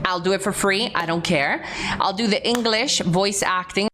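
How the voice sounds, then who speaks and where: A woman content creator giving casual video commentary, relaxed and halting, with frequent ums. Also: mid-range voice, a little hiss or hum, rough recording.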